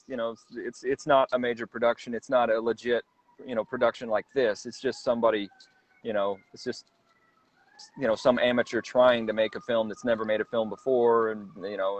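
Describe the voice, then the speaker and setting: A man guest telling stories in a casual interview, rambling and halting as he goes. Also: mid-range voice. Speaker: guest, celebrity impersonator. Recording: dull, dry lo-fi sound.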